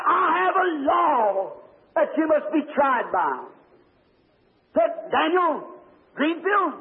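Preacher man, real high voice, fervent, tinny old tape w/ hall echo. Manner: fervent, rising to shouts on key lines. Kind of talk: sermon storytelling.

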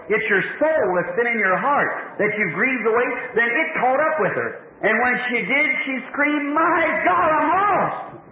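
Male preacher, fervent and pleading, high-pitched, thin echoey phone-like recording. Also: a little hiss or hum. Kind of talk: sermon.

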